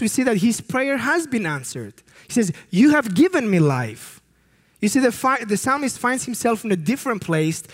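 Preaching in his role as youth ministry director, this man speaks with a high-sitting voice. He's emphatic and earnest, with the odd stumble and restart along the way.

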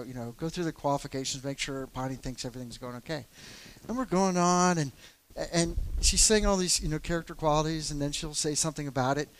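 A middle-aged man who serves as a church elder tells a personal story in casual talk, candid and self-deprecating, with many fillers. His voice is medium-pitched.

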